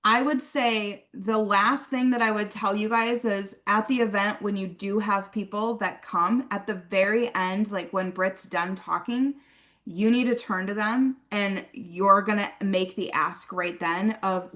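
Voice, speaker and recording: A young adult woman leading a casual sales training talk. She keeps checking in with "okay?", and she acts out sample conversations in a brighter, livelier voice. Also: mid-range voice, a little slow. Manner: chatty, peppers talk with "okay?" and "like". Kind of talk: casual coaching talk on a team call.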